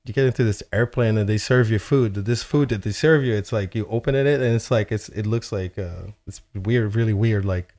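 A man telling a story in a casual chat, animated and swearing freely, with lots of "like". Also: on the low side, a little fast, few pauses. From Chile. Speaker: guest telling a travel story.

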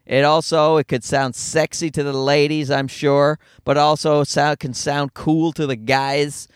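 Middle-aged Newfoundland comic, rapid-fire and self-mocking, dry close-up sound. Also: male voice, a little high, little pitch movement, clear, resonant tone, no room sound. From Newfoundland, Canada. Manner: fast-talking, profane, self-deprecating. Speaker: stand-up comedian, podcast host. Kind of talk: casual rambling monologue. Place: in a car.

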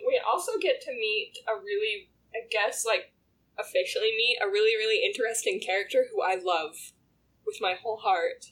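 A woman co-hosting a casual podcast chat, animated and laughing often as she talks over a TV drama. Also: mid-range voice, moderate pace, husky. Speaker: podcast co-host.

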